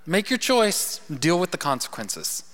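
A man preaching a sermon, telling a story in an animated way and dropping to a hushed voice for emphasis. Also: fairly high pitch, measured pace. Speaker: pastor. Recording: long hall reverb.

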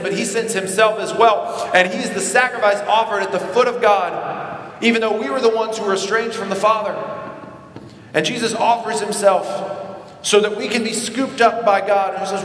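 A man preaching a sermon as pastor, acting out biblical figures in short dramatic asides and dropping low and quiet for emphasis. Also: fairly even intonation, normal speed. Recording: echoey hall with long reverb.

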